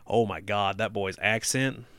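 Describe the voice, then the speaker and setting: A man's voice: lowish voice, measured pace, a bit bright, smooth, no room sound. A young man co-hosting a podcast, reading aloud and chatting casually, cracking dry jokes and swearing. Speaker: podcast co-host.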